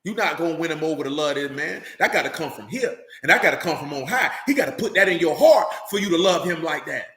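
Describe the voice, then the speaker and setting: A man's voice: a little high, expressive, quick pace, few pauses, fairly bright tone, echoey room. Fiery, blunt street-style preacher man. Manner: preachy, blunt and profane, repeating lines for emphasis.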